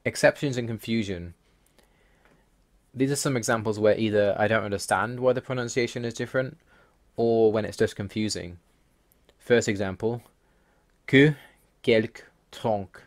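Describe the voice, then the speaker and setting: With a lowish voice, a moderate pace and long pauses, a man narrates a language-learning video's explanatory voice-over over slides. He lists the rules methodically, one after another, with wry, mild exasperation.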